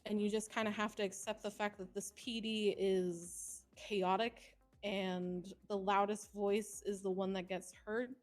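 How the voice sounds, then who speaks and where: Relaxed woman giving casual advice. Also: mid-range voice. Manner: relaxed, mentoring, swears casually. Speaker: streamer, senior roleplay police officer.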